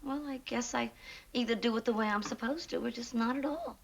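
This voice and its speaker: An actress playing an earnest, stammering young actress in a 1960s sitcom. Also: female voice, a little high, a little fast, vocal fry, a little hiss or hum. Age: young adult.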